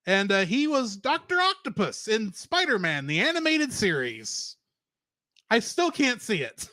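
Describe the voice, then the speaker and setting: A man with a high, lively voice chats casually as a podcast co-host. He laughs easily and keeps things animated. The sound is dry and close, with no room around it. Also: slow pace, pauses often, no room sound. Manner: laughs often, animated and chatty.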